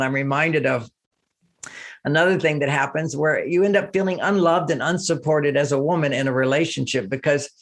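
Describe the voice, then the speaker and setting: An older man, a relationship author, talking casually in an interview, animated and acting out quoted speech. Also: on the high side.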